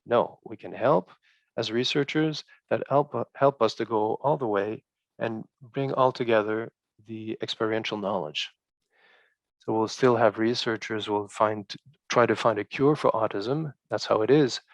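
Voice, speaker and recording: A male researcher presenting study results in a halting way, with many fillers and restarts. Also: lowish voice, no echo.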